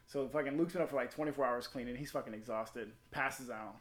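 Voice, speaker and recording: A man's voice: mid-range voice, brisk, fairly bright tone, roomy sound. A former Marine telling a story in casual, profane chat and acting out the people he quotes.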